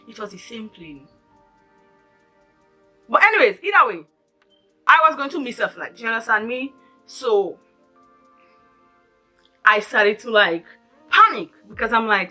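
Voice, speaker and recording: In this storytime vlog, the lilting woman narrates dramatically and with animation at a medium pitch. Faint music plays underneath as her bright, forward voice turns again and again to her viewers with asides.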